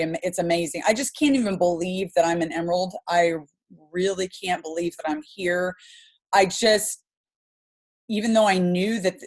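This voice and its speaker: A woman in her forties hosting a business team video call, telling a story in a chatty, enthusiastic, rambling way with plenty of fillers. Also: fairly low pitch.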